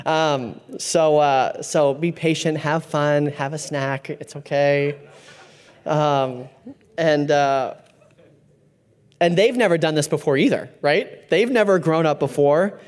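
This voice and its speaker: Speaking slowly in a fairly high voice, a thirty-something father who often leads a small church group talks informally about faith. His delivery is loose, full of fillers and sentences he starts over.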